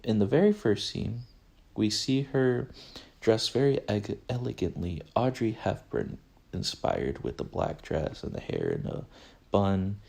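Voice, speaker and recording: A man's voice: lowish voice, big pitch swings, measured pace, vocal fry, a little mellow. A young man hosting a podcast, rambling through a casual and profane film commentary and often correcting himself. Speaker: podcast host.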